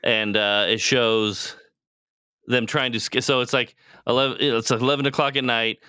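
A man's voice: medium pitch, flat delivery, normal speed, sharp tone, clear, resonant tone, no room sound, clean studio sound. A man co-hosting a podcast, casually retelling a TV show in a rambling, profane way and acting out the characters' lines. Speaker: podcast co-host.

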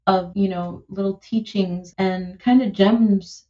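A woman in her thirties, a musician being interviewed, talking in an animated, heartfelt way with lots of "like" and "you know". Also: mid-range voice, slow, highs cut off. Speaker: musician and producer, guest. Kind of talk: conversational interview.

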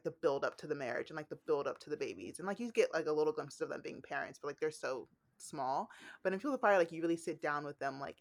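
A woman co-hosting a podcast, effusive in casual chat, full of fillers. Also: low-pitched. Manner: effusive, heavy use of "like". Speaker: podcast co-host.

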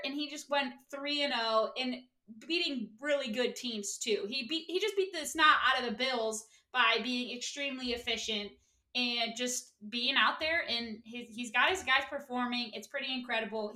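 A woman's voice: high-pitched, moderate pace, pushed and bright. A young woman co-hosting a sports podcast in an upbeat, chatty way, full of casual fillers. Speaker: podcast co-host. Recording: roomy echo.

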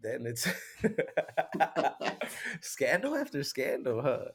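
Gravelly-voiced man bantering casually. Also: medium pitch, wildly swooping pitch, takes it slowly, fairly bright tone. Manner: laid-back banter, calls people bro. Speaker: podcast co-host. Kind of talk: casual chat.

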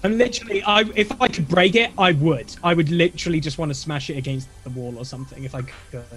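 Animated man playing a tabletop game. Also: a little high, fast, faint music behind. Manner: animated, exaggerated mock anger. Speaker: player. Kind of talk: tabletop role-play.

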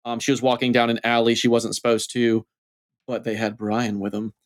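A man's voice: medium pitch, flat delivery, normal speed, no room sound, studio quality. A man co-hosting a casual book discussion podcast, wry, acting out quoted lines. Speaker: podcast co-host.

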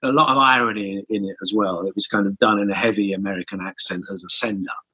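A man recalling old times in anecdotal storytelling, acting out chants with animated voices. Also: lowish voice, quick pace, breathy edge, soft background music, low-quality recording. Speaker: interviewee recalling the band.

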